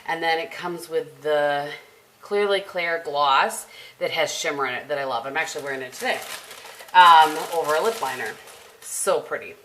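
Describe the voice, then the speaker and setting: A middle-aged woman vlogs casually to her camera at home, rambling through stories and laughing often. Her voice sits low with a fairly bright tone, moving at a normal speed. The camera is propped on a tissue box, and there's slight background noise.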